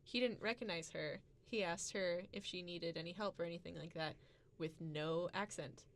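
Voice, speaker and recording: A woman's voice: lowish voice, moderate pace. A woman co-hosting a podcast, chatting casually and telling an anecdote with frequent laughter. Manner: giggly, storytelling, animated. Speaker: podcast co-host. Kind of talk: casual chat.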